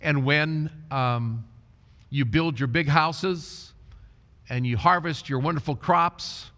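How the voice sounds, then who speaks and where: A man preaching a sermon, speaking in a slow, deliberate way and quoting scripture. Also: fairly high pitch, sharp tone, in a large hall. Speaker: pastor.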